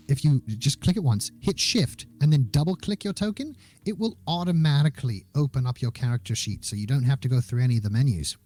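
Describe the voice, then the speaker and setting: A male game master narrating a tabletop session in a lively, up-and-down voice with a mellow, dark tone. He is chatty and playful, full of fillers and restarts. Faint music plays behind him. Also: medium pitch, fast, hardly any pauses.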